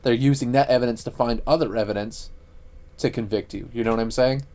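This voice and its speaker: A man's voice: mid-range voice, brisk, a little mellow. A man co-hosting a casual podcast, rambling and profane, with lots of fillers. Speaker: podcast co-host. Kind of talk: casual chat.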